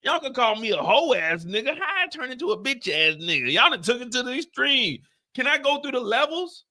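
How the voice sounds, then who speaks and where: Man, very high voice, lively swoops, bright tone, casual stream chatter, comic exasperation, tired. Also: a little fast. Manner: animated, exaggerated comic exasperation; profane, repetitive storytelling. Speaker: show recap streamer. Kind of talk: casual live-stream chat.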